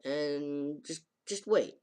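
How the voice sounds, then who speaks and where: A man's voice: fairly high pitch, very slow, dark tone, clean tone. A man voicing a teasing, bossy young woman who speaks in an insistent, sing-song way. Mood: coaxing.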